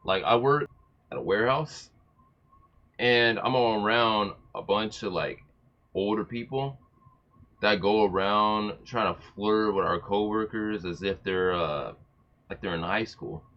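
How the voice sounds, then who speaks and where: A young man reacting in casual chat, excitable, using slangy and profane language. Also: lowish voice, unhurried, muffled recording. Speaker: co-host reacting.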